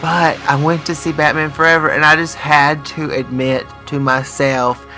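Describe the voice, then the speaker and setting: Bright mock-earnest male podcast host. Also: fairly high pitch, little pitch movement, faint music behind. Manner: mock-earnest, drawn-out comic delivery. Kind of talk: comedic podcast banter.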